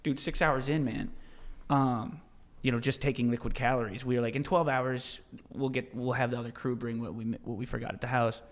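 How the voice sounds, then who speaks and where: A man telling a story as a podcast guest, in a casual, animated way, swearing freely and restarting his sentences often. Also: mid-range voice, brisk. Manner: animated, profane, many restarts and "dude". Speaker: podcast guest, ultra-marathon runner.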